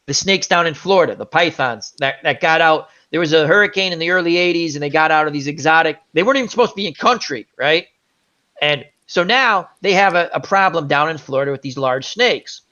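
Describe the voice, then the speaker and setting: A man's voice: a little high, a little fast. A man hosting a casual chat show, telling a long rambling story with lots of asides. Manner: rambling, animated anecdote with many asides. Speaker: host. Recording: dull lo-fi audio.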